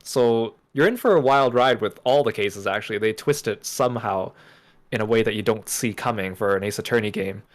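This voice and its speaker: Relaxed man chatting as a guest. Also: on the low side, brisk. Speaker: stream guest. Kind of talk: casual chat.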